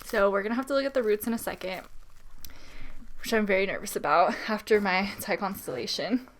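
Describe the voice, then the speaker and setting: A young woman in a casual unboxing vlog who talks straight to her viewers, giggly and nervous with excitement. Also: medium pitch, fairly quick, a little hiss or hum. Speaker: plant vlogger.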